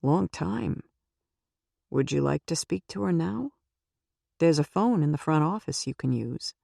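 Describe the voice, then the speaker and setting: A woman voicing an older nun who works as a counselor, asking calm, gently probing questions. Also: deep voice, unhurried, gravelly, slightly rough, no room sound, clean studio sound, full character voice. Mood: concerned.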